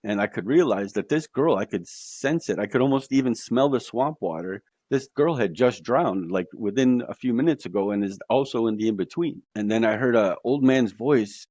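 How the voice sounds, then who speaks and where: A man's voice: mid-range voice, expressive, moderate pace, few pauses, darkish tone, no echo. A man telling his near-death experience as a podcast guest, earnest, with many fillers. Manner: earnest storytelling with fillers, quoting voices he heard.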